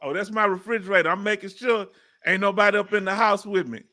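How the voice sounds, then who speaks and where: A bright, high-pitched man with a Southern US accent hosts a relaxed livestream chat from home. He talks loosely and reads viewer comments aloud between questions to his guest. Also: fast talker. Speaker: livestream host.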